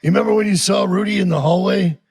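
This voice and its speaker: A man in his sixties, a guest actor in a casual interview, talking haltingly with many restarts and an easy "man". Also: high-pitched, creaky, darkish tone. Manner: halting, repeats himself, says "man" often.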